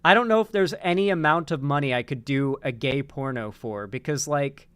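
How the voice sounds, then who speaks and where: A man's voice: medium pitch, moderate pace, a bit bright, clean tone, dry recording. A man hosting a casual online commentary show, rambling loosely with lots of restarts and casual swearing. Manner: rambling, many restarts and fillers, swears freely. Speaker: political commentary host.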